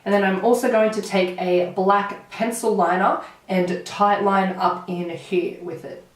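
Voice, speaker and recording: A woman's voice: medium pitch, unhurried. A woman in her twenties with an Australian accent, chatting and telling stories while doing her makeup, with lots of "like". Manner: chatty, animated storytelling with frequent "like". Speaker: beauty vlogger. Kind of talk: chatty get-ready-with-me storytelling. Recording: roomy, distant mic.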